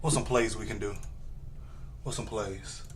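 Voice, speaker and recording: Echoey young streamer, shouting drills. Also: male voice, lowish voice, steady tone, measured pace. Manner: shouts football cadences between mumbled asides. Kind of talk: casual live-stream chatter. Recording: echoey room, mic at a distance, faint noise.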